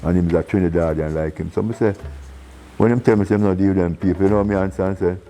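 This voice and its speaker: A man with a Jamaican accent, a reggae singer telling stories in a casual interview. He is animated, acting out the voices of people in his stories and laughing often. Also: deep voice, fast talker, faint music behind, poor audio. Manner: animated storyteller who acts out quoted voices and laughs often.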